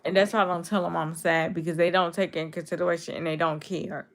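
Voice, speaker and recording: A young woman from Chicago is streaming live and answering her chat as she goes. Her voice sits a little low and has a gravelly, fried edge, which viewers keep mistaking for a cold. She talks to her viewers directly, in a casual, unscripted way. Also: fairly even intonation, fast. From Chicago, USA. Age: 20s. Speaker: livestreamer.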